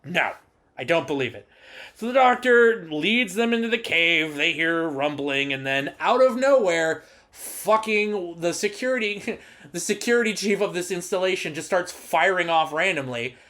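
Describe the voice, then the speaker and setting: Animated, profane man recapping. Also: moderate pace. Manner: profane, animated, mocking quotes in high put-on voices. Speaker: podcast co-host. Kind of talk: casual recap chat.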